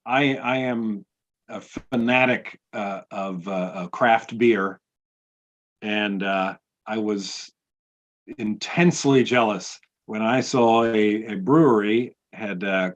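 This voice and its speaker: A man's voice: on the low side, takes it slowly, muffled recording. A man co-hosting a podcast who asks the guest questions in a friendly way and laughs easily. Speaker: podcast co-host. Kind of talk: podcast interview.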